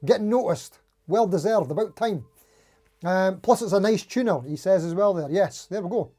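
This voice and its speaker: A man's voice: sits high, normal speed, warm tone. A man hosting a casual live stream, rambling and laughing at himself as he reads out supporter names.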